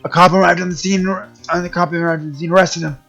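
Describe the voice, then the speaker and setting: A gruff detective with a gravelly, husky rasp, as a streamer puts him on. He talks high and blustery, barking at his underlings while he reads through game dialogue. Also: level tone, quick pace, fairly bright tone, lo-fi sound, soft background music. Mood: blustering. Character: gruff loyal male police detective.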